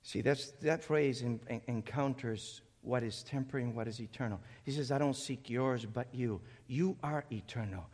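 A male preacher delivering a sermon, swinging between shouted passages and quiet, intense reading of scripture. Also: medium pitch, normal speed, few pauses. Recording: echoey hall.

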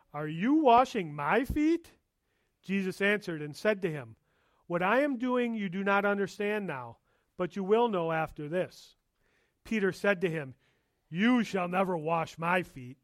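High-voiced emphatic man preaching. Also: dry recording, studio quality. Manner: emphatic, rising to exclamation on key points. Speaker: pastor. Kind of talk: verse-by-verse sermon.

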